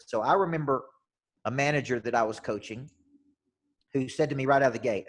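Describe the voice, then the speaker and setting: A man's voice: medium pitch, brisk. A man from the United States, a business coach talking as a podcast guest, tells stories emphatically and often repeats his first words as he starts a sentence. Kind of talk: energetic storytelling in a podcast interview.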